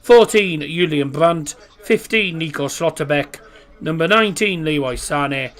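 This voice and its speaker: Man, casual live stream host, chatty, reads lineups and chat, fairly high voice. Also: measured pace, fairly bright tone.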